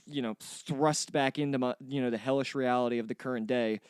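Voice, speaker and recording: A man's voice: mid-range voice, fairly even intonation, fairly quick, clear, resonant tone, no room sound, clean studio sound. A young man in casual comedic podcast chat, crude and rambling, laughing often. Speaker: podcast co-host.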